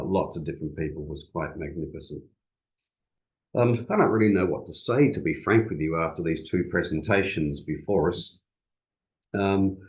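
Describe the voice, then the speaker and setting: A man's voice: sits low, low-quality recording. An Australian man from Western Australia, giving an informal, rambling talk on a video call with many fillers. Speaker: seminar speaker.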